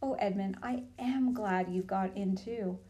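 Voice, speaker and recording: A woman's voice: mid-range voice, measured pace, natural voice. A woman reading a storybook and voicing an eager, happy little girl. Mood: excited. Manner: eager and breathless with excitement.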